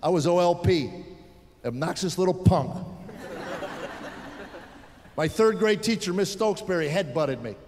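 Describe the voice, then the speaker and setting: A man in his fifties from the United States doing stand-up comedy on stage, an animated storyteller who acts out the people in his stories. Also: high-pitched, measured pace, long pauses, a little hiss or hum. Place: stage in a large hall. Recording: reverberant live hall.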